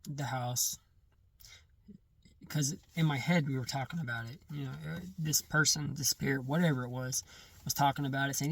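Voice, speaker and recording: Guy with a gravelly voice rambling through his story, lots of restarts, mic kinda far off. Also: mid-range voice, fairly even intonation. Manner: halting, frequent restarts and self-corrections. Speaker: person sharing a personal testimony. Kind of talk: casual first-person storytelling.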